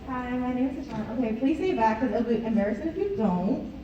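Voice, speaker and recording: A woman's voice: fairly high pitch, animated, fast talker, mellow, muffled recording. A woman asking a nervous, hesitant question from the audience at a fan panel. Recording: echoey hall, far from the mic.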